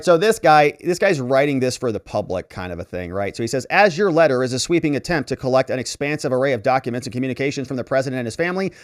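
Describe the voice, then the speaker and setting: A lawyer commentator offers casual legal commentary in a medium-pitched male voice, recorded with studio quality and no echo. He sarcastically reads letters aloud, putting on mocking voices as he paraphrases them.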